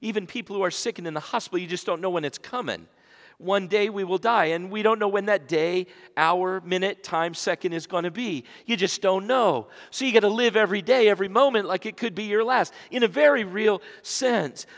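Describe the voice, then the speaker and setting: Male pastor delivering a dramatic sermon with sharp dynamic swings, in a church with long reverb. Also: high voice, brisk. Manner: dramatic swings from loud emphasis to hushed whispers. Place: church sanctuary.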